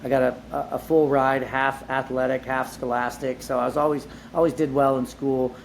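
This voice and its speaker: A man being interviewed, telling his life story in a casual, animated way, with lots of "like" fillers and casual swearing. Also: mid-range voice, moderate pace, creaky, a little hiss or hum. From Southern California. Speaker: entrepreneur guest.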